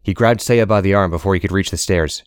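A man reads a story aloud as an audiobook narrator, steady and measured. His voice sits very low, and the sound is dry and close with no room around it. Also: clean tone, dry recording.

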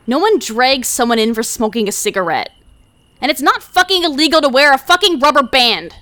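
A woman's voice: high-pitched, expressive, a little fast, bright, forceful tone, no echo. A young woman voicing a hot-tempered, foul-mouthed underage delinquent girl who swears constantly and talks bluntly and defensively. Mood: bitter.

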